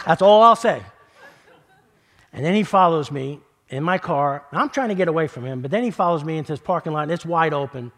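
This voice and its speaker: Middle-aged pastor telling a story. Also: male voice, a little high, animated, moderate pace, pauses often. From New York. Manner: conversational, repeats words, builds then drops to a hush. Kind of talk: sermon storytelling.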